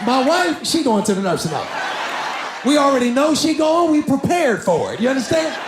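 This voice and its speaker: High-voiced man doing animated stand-up. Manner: animated, acts out family members in quick dialogue. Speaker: stand-up comedian. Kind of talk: stand-up storytelling. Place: comedy stage before a live audience. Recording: echoey room with audience laughter and noise.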